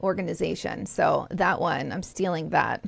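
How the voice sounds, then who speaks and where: A woman co-hosting a podcast, chatting casually in an upbeat way, quick to laugh and asking the questions. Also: deep voice, vocal fry, slightly rough, no echo. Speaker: podcast co-host.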